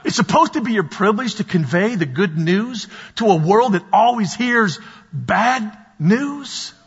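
A man preaching a sermon as pastor, animated and storytelling, sometimes shouting at the peaks. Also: high voice, measured pace, slightly rough. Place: church sanctuary. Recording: dull sound in a large reverberant hall.

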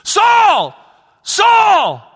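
Voice of Jesus from heaven as a man puts it on, male, loud shouted calls, high and strained, long reverb of a large hall. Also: wildly swooping pitch, fairly quick, heavily acted. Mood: pleading, anguished.

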